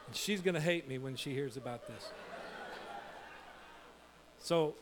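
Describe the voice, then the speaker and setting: A middle-aged man preaching a sermon as pastor, lively and emphatic, building points through repetition. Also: medium pitch, a little slow, noisy background.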